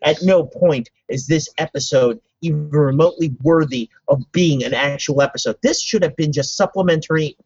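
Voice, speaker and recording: Brief: sarcastic co-host, husky voice, dry dull recording. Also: mid-range voice, normal speed, hardly any pauses, a little mellow, no room sound. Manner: ranting, sarcastic, swears. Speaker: podcast co-host. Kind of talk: casual chat.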